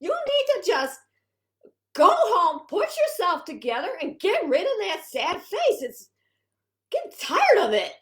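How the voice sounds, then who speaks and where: A woman's voice: very high-pitched, wildly swooping pitch, unhurried, pitched above the performer's own voice, full character voice. A woman acting out a blunt woman friend who scolds someone for moping. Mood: exasperated. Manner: scolding, emphatic.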